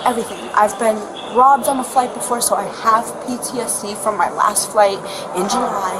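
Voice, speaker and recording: A young woman talks to police at an airport, caught on a bodycam. Her voice sits a little high, and she rambles, upset, with "like" in nearly every sentence. Clear airport noise and ambience fill the background. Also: normal speed. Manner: rambling, upset, heavy use of "like". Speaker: airline passenger giving a statement to police. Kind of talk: statement to police. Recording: noisy bodycam audio in an airport.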